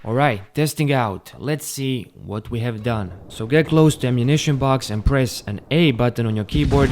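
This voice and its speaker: A young man narrating a casual, unscripted gameplay tutorial, with a relaxed delivery and some stumbles. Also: mid-range voice, moderate pace, few pauses, noisy background. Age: young adult. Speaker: gaming channel host.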